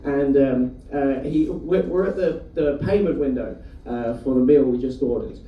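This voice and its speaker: A man from the UK doing a stand-up comedy set, telling chatty stories and throwing quick asides to the audience. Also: mid-range voice, mellow. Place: comedy club stage. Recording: roomy live venue, mic heard from a distance. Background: audience laughter.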